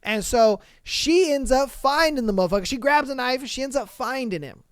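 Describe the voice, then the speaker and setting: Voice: high voice, lively intonation, a little fast, smooth, no room sound, studio quality. A podcast host casually recapping a story, rambling and slangy, cursing freely with many fillers and self-corrections.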